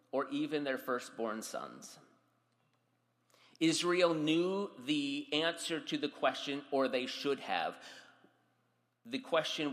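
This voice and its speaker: A man's voice: a little high, a bit bright, in a large hall. A man preaching a sermon, reading scripture dramatically and speaking directly to his congregation. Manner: dramatic, voices scripture with raised intensity. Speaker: pastor.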